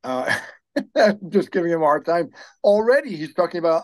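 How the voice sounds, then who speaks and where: A man's voice: fairly high pitch, very animated, moderate pace. A man hosting an interview, talking in a casual, emphatic, joking way. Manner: emphatic, joking, laughs easily. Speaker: host, physician.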